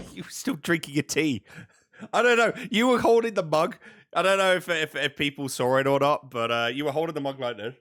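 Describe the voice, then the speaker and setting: A man's voice: fairly high pitch, a little fast, fairly bright tone. A man co-hosting a podcast over a video call, joking and teasing with frequent laughter. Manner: jokey teasing, laughs often, mock outrage. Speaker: podcast co-host. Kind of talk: casual chat.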